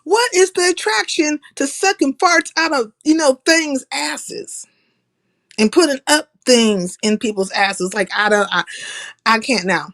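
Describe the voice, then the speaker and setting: A woman's voice: high-pitched, unhurried, a bit bright. A woman hosting a live stream, giving a blunt, profane monologue and laughing at her own jokes. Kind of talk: casual opinionated monologue.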